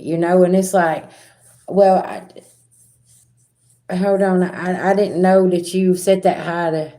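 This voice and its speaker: A middle-aged woman, a spiritual reader talking casually and directly to her viewers in a rambling, animated way. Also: lowish voice. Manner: animated, rambling, talks straight to viewers with asides. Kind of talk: casual direct-to-camera talk.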